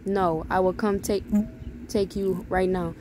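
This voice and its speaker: A young woman talking loudly through a mobile game, swearing freely and reading in-game texts aloud with plenty of sass. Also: on the low side, flat delivery, measured pace, a little hiss or hum, poor audio. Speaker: gamer. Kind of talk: casual gameplay commentary.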